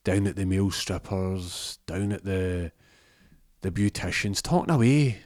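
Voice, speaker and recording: Guy putting on a smug gangster, low voice, dead dry sound. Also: measured pace, darkish tone, dry recording. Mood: taunting. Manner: gloating, taunting.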